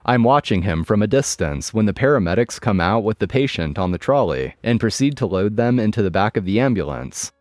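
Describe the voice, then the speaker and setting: A man's voice: lowish voice, very animated, a little fast, hardly any pauses, darkish tone, no room sound. A man reading a first-person story in a wry, matter-of-fact scripted narration. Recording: dry close mic with music bed.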